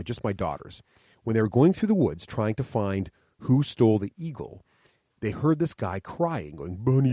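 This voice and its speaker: This middle-aged man has a husky voice and talks quickly with lively pitch changes as a podcast guest in a coffee shop. He eagerly walks through the rules of the tabletop games he runs for his kids and acts out players' lines. The audio is dry and close with no echo.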